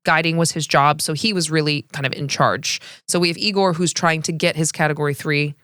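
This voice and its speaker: A woman co-hosts a podcast, reading researched history in a casual storytelling chat and laughing often. Her low voice is fairly even in intonation, a little fast, fairly bright, clear, and resonant. The dry recording has studio quality.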